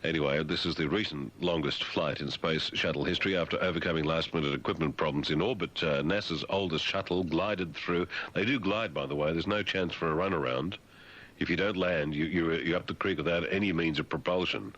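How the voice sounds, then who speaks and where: A man's voice: low voice, fairly quick, fairly bright tone, dull audio. A man hosting talk radio, reading news items and breaking off into wry, rambling, sardonic asides. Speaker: radio host.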